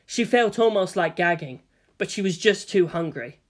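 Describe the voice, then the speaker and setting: A woman narrating a fan fiction story in an expressive storytelling manner. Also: on the low side, normal speed.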